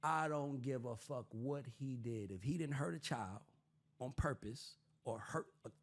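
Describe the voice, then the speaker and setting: A man's voice: mid-range voice, unhurried. A man hosting a casual panel chat, profane and streetwise, acting out other people's voices as he explains. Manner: animated, acts out voices of others while explaining. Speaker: podcast host.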